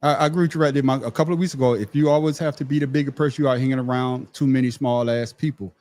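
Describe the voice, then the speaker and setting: A man's voice: mid-range voice, steady tone, very fast, darkish tone. A middle-aged man on a podcast panel telling a story in casual chat, profane and emphatic, repeating his words as he starts a thought.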